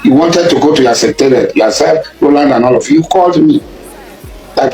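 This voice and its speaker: A man with a Nigerian accent giving an impassioned public speech, accusing a rival and repeating his points, at times rising to a shout. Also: a little high, normal speed, echoey room, soft background music, poor audio. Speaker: public speaker addressing a rival.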